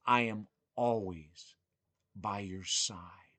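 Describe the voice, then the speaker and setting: A man softly voicing a gentle mother's spirit. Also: lowish voice, very slow, no room sound, voice pushed down, heavily acted. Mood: tender, reassuring. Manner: soft, soothing, hushed. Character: gentle loving mother spirit, older woman.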